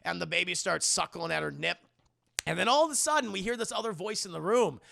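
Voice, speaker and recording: A young man giving a casual, profane, animated comic film recap to a live chat. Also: high voice, fast talker, vocal fry, no room sound, studio quality.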